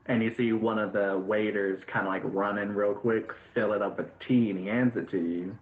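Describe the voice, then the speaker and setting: A man with a fairly low voice narrates a tabletop game as dungeon master, in a loose, casual way full of fillers. He sounds thin and phone-like in an echoey room. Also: steady tone, moderate pace.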